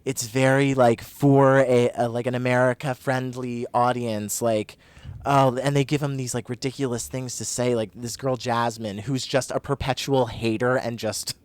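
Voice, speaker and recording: Male podcast co-host, gushing and animated, mid pitch, dry close sound. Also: normal speed, clear, resonant tone, dry recording. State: overheated. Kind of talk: casual chat.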